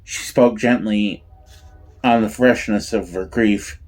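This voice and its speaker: A man narrating a novel aloud in a slow, halting way, with frequent restarts. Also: on the low side, a little mellow. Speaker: audiobook reader. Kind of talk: amateur audiobook narration.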